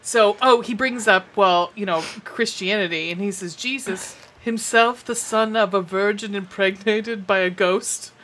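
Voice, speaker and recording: A woman's voice: medium pitch, measured pace, hardly any pauses, a bit bright, a little hiss or hum. A woman co-hosting a podcast, recapping a movie in casual chat, cracking jokes and swearing. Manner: joking, swearing, riffs off the co-host. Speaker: podcast co-host.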